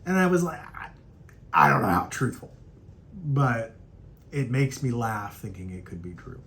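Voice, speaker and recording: Animated, swearing young man telling stories. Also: unhurried, slight background noise. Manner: animated, profane, acts out quotes in raised pitch. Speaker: podcast host. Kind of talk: casual storytelling monologue.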